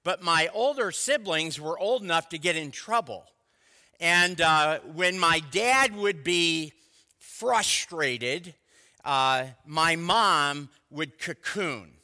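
Older male pastor, very bright voice, lively pitch, folksy asides, long hall reverb. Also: takes it slowly. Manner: conversational, folksy storytelling with asides to the congregation. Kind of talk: sermon.

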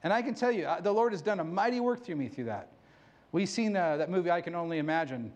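A man's voice: high-pitched, animated, fast talker, darkish tone, highs cut off. A middle-aged man preaching a sermon, candid and self-mocking, laughing often. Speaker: pastor.

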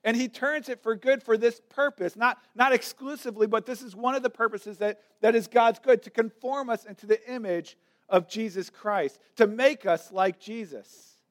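A man's voice: very high voice, moderate pace. A male pastor delivering a sermon, emphatic and repeating words as he builds each point.

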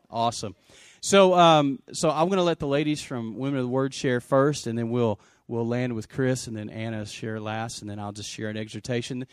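A man pastoring a church service, energetic and joking as he calls people up to share. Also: mid-range voice, no echo, clean studio sound. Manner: energetic, joking, shouts out to the congregation. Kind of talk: sermon.

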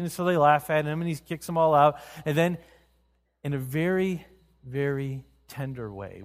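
A man preaching a sermon, retelling scripture stories with lively acted-out quotes and frequent restarts. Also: medium pitch. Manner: animated storytelling, acting out quotes, frequent restarts. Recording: long reverb of a hall.

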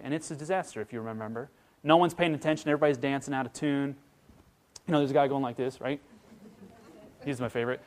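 A man preaching a sermon as pastor, telling a story with animated voices for its characters. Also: medium pitch, quick pace, pauses often.

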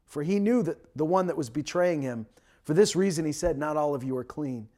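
A man's voice: on the high side, lively intonation, brisk, warm tone. A man preaching a sermon from Canada, talking in a conversational way with frequent fillers and restarts. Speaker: pastor.

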